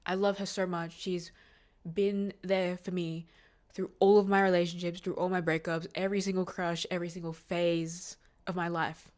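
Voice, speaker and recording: A young woman, nineteen, speaks on her solo podcast in a slightly lower voice. She rambles warmly, circling back with fillers and restarts, open and heartfelt. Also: flat delivery, normal speed. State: near tears at moments, emotional. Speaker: podcast host. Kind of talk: casual solo podcast monologue.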